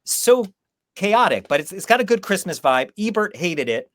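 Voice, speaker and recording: A man's voice: high-pitched, big pitch swings, normal speed, a bit bright, no echo, clean studio sound. An American man hosting a casual film-discussion podcast, giving candid opinions and personal anecdotes. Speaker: podcast host.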